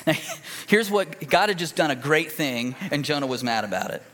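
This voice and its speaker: A man's voice: fairly high pitch, lively intonation, normal speed, fairly bright tone. A man preaching a sermon as a pastor, telling a story in a folksy, conversational way with fillers and restarts. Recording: long reverb of a church hall.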